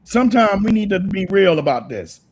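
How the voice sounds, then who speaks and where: A man with a husky voice, speaking heatedly and repeating himself as a guest on a livestream call. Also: high voice, big pitch swings, normal speed. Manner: heated, repetitive, emphatic. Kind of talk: impassioned livestream callout.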